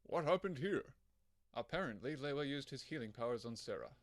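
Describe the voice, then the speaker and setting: A man voicing a steady male warrior hero who speaks in a calm, reassuring way. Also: mid-range voice, a little fast, close to an everyday voice.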